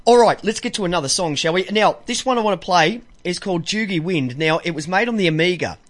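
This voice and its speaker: Aussie male radio host, high lively voice, joking banter, laughs a lot. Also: fast talker. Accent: Australian. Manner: joking, laughs often, acts out voices in anecdotes. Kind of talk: casual on-air banter.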